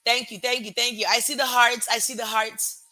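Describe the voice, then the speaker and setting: Bright, lively woman with Nigerian-American accent. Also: a little high, fairly quick. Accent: American-Nigerian mix. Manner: energetic, chatty, greets and thanks viewers, stops to correct her words. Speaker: host. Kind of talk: motivational live-stream talk.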